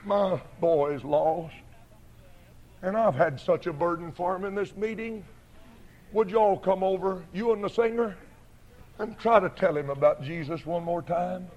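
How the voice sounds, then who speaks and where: A man puts on a weeping deacon who pleads slowly for help with his lost son. The voice is earnest and broken-hearted. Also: sits high, darkish tone, highs cut off. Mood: tearful pleading.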